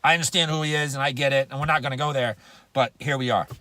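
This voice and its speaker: A man's voice: mid-range voice, fairly even intonation, fast talker, pushed and bright, no room sound. A man giving a motivational business talk, emphatic and slangy, repeating phrases for punch. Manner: slangy, casual grammar. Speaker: network marketing speaker.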